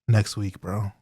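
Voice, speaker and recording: A man's voice: fairly low pitch, breathy edge. Rambling young man on a podcast. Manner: rambling, lots of fillers, laughs often. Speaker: podcast co-host. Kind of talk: casual chat.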